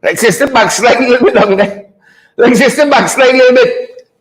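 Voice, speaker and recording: High-voiced man, comedic host. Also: rough recording. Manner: animated, preacher-like teasing with drawn-out punchlines. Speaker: show host. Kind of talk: comedic commentary.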